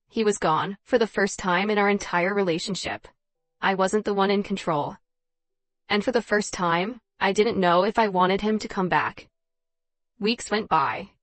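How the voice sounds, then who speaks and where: A woman narrating a dramatized first-person story in an even, measured reading voice. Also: mid-range voice, no room sound.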